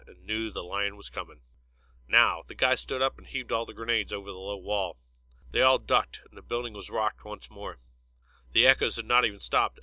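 A man narrating a story aloud in a steady, plain reading style. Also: lowish voice, dry recording, poor audio.

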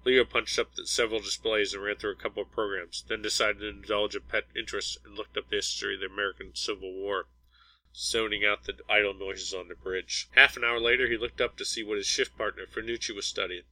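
A man narrating a science fiction audiobook in an even, measured reading. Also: fairly low pitch, no room sound, poor audio. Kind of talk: scripted narration.

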